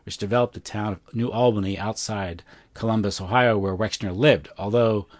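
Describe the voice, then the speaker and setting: A man's voice: fairly low pitch, normal speed. A man co-hosting a podcast, reading background notes aloud in a casual way, stopping to correct himself and adding offhand asides. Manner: reads aloud with frequent self-corrections and fillers; offhand asides between read passages. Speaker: podcast co-host. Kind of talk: casual read-through of notes.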